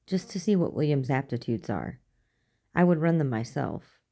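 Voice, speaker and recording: Gentle earnest scientist guy, woman reading him. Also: extremely low pitch, sing-song, normal speed, gravelly, exaggerated voice.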